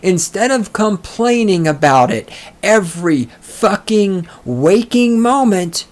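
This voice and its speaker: Male podcast host, slow deliberate delivery, swinging pitch, sarcastic and profane, reads quotes aloud and then mocks them. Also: lively intonation. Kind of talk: solo book-discussion podcast.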